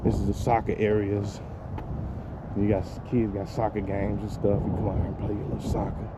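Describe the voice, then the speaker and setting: This adult father vlogs while walking through a lakeside park, holding his phone camera as he rambles, swears, and laughs at his own jokes. His fairly low voice is totally flat and a bit fast, and the audio is very noisy.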